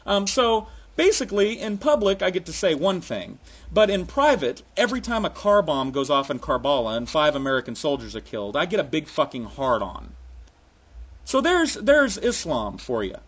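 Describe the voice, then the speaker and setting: A man's voice: on the high side, very animated, normal speed, slightly rough, muffled recording. A man ranting sarcastically with frequent profanity, in a solo comic monologue. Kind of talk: sarcastic comic rant to camera.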